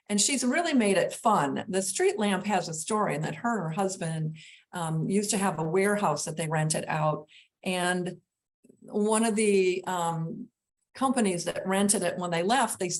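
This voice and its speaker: A middle-aged woman presenting a gardening class, narrating slides in a chatty way with frequent ums and restarts. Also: lowish voice.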